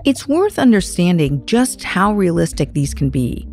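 Lady podcast host reading news script, low-ish mellow voice, calm and measured. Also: faint music behind. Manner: measured, explanatory.

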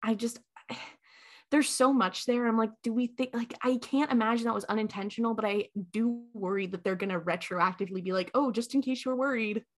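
A woman's voice: fairly high pitch, steady tone, fairly quick. A woman co-hosting a podcast in casual fan chat, chatty and thinking aloud with many fillers. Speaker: podcast co-host.

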